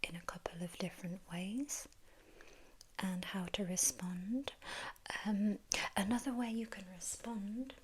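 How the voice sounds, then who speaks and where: A woman with an English accent, teaching in a whispered role-play as a gentle language tutor who prompts the listener to repeat. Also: medium pitch, fairly even intonation, unhurried, breathy edge.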